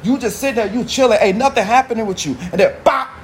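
A man's voice: high-pitched, quick pace, slight background noise. A man hosting a podcast, talking alone in a casual, rambling, profane way, full of slang and swearing. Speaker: podcast host. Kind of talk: casual monologue.

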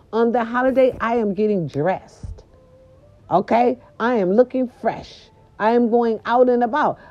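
Woman vlogger, casual storytelling, sassy and expressive, mellow tone, muffled lo-fi sound. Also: a little high. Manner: sassy, animated, talks straight to viewers. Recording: dull lo-fi recording.

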